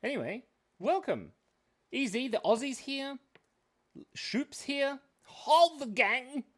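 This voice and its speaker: Very high-voiced, a bit bright and very animated, this man speaks at a slow pace while hosting a live drawing stream for kids. His casual livestream chatter is playful and rambling, full of self-mocking jokes.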